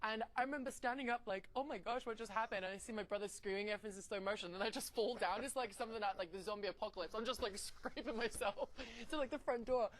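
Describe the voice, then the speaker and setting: A chatty English woman in her twenties spins stories at a fast clip. Her voice sits at a middling pitch and she acts out other people's lines as she goes. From England. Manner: chatty, animated, acts out quotes with laughs. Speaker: wrestler, guest. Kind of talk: casual storytelling interview.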